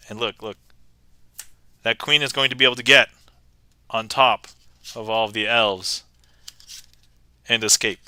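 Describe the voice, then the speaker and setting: A man's voice: mid-range voice, fairly even intonation, unhurried, long pauses, bright, forceful tone, clean tone, no echo. A man hosting a live stream, chatting casually while he performs card tricks. He is playful, laughs often and reads viewer comments aloud. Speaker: magic livestreamer.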